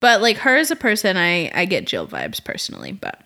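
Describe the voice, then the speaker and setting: A woman with a bright, forward voice chats casually on a podcast. Her pitch leaps widely as she plays out movie moments in a playful way. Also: huge pitch swings, brisk. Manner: playful, laughs often, quotes scenes. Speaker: podcast co-host. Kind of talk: casual chat reviewing a film.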